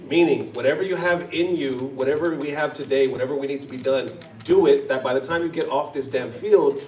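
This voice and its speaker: A man's voice: mid-range voice, fairly quick, soft background music. A man on a convention panel telling stories casually, laughing and acting out quotes. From United States. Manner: animated, laughs often, acts out quotes. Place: convention hall. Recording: roomy hall, mic at a distance.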